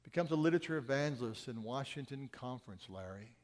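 A man preaching a sermon and telling stories, swinging between loud urgent quotes and quiet asides. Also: mid-range voice, expressive, fast, long reverb tail. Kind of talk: sermon storytelling.

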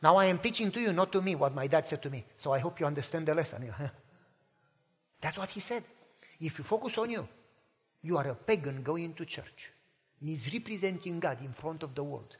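A man's voice: on the high side, breathy edge, in a large hall. A male preacher, telling a personal story in a sermon and acting out both sides of a conversation. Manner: animated storytelling, acts out both sides of a dialogue.

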